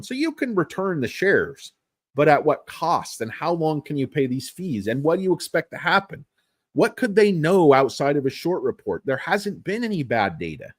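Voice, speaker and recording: A man's voice: medium pitch, no room sound. Middle-aged stock guy rambling and swearing, dry close mic. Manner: rambling, profane, self-mocking. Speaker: stock market streamer. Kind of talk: casual livestream chat.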